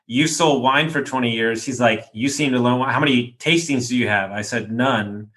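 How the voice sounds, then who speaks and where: A man with a bright, forceful voice hosts a casual podcast chat. He tells his anecdotes with animation and a loose, slangy delivery. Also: mid-range voice, normal speed. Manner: animated storyteller, slangy, says dude. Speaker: podcast host.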